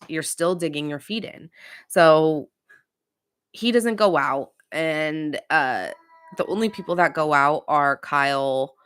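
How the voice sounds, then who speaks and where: A woman's voice: deep voice, fairly bright tone, clean tone. A woman in her thirties casually recapping a reality show as podcast host, chatty and opinionated with many fillers.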